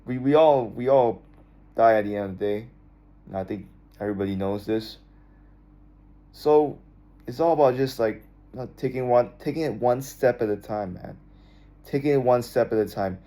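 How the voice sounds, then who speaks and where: A young vlogger with a medium-pitched, dark-toned voice talks to his viewers at normal speed in a casual, laid-back monologue with long pauses. He often repeats himself and tosses in "man" and "bro."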